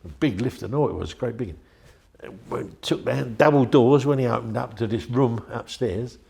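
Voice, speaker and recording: A man's voice: medium pitch, normal speed, creaky, warm tone. Older man telling old stories. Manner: rambling, chatty, with frequent restarts. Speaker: interviewee. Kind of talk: anecdotal storytelling.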